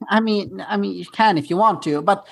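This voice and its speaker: A woman's voice: mid-range voice, brisk, vocal fry. Blunt woman from Sweden explaining. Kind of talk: casual podcast chat.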